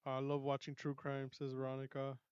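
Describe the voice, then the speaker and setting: A man's voice: mid-range voice, completely flat delivery, brisk, darkish tone, clear, resonant tone, no echo, dull audio. A man co-hosting a casual podcast chat, laid-back and slangy, mixing in some Spanish. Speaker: podcast co-host.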